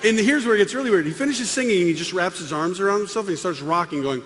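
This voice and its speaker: High-voiced male speaker, lively comic testimony with acted-out scenes, in a reverberant hall. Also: very fast. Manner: animated storyteller, acting out scenes. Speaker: Catholic musician and speaker. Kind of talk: comedic personal testimony. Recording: long hall reverb with music.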